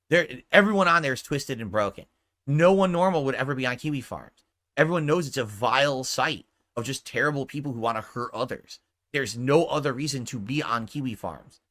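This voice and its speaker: A man's voice: medium pitch, sharp tone, no room sound. A man giving reaction commentary on a video, incredulous and exclaiming with rhetorical questions.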